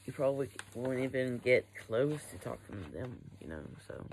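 A woman's voice: rumbling low, big pitch swings, unhurried, a little mellow, a little hiss or hum, low-quality recording. A young adult woman chatting casually while unboxing a haul. She rambles, swears freely and often trails off mid-sentence. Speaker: vlogger.

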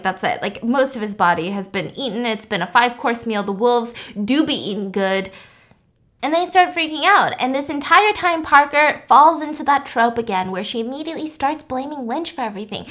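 A woman's voice: fairly high pitch, bright, forceful tone. A young woman hosting a podcast, casually retelling a movie in a chatty way, laughing often and acting out the characters' lines. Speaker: podcast host recapping a movie. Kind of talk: casual storytelling chat.

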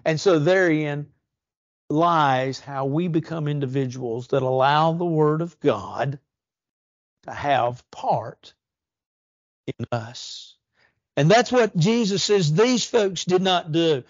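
A man delivers a church sermon with earnest conviction, stretching key words slowly and lifting his voice for emphasis. His voice sits a little high, recorded close and dry with a slightly dull, muffled sound. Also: no room sound. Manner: earnest, rising emphasis and slow drawn-out stresses. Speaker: preacher.

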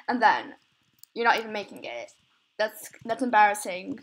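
A young woman with a mid-range voice chats casually at a moderate pace while recording herself playing a game. Her intonation is lively, and she rambles, giggling often and laughing at herself in a self-conscious way.

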